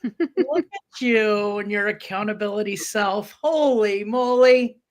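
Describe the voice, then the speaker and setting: A woman's voice: mid-range voice, slow. A woman, co-hosting a casual live chat with friends in a playful, laughing manner. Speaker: co-host.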